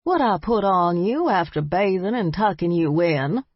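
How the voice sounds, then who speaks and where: An older grandmother, bossy and affectionate, scolding with a folksy drawl, as a woman narrator puts her on. The voice is husky and sits fairly low. The audiobook recording sounds a little muffled. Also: animated, unhurried, no room sound.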